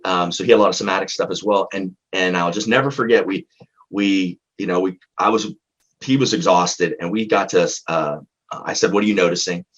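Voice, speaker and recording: A male psychologist with a deep, slightly raspy voice tells a case story in conversation. He speaks haltingly and earnestly, often starting sentences over. The recording sounds a little muffled and lo-fi. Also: a bit bright. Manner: halting, earnest, with frequent restarts. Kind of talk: recounting a therapy case in conversation.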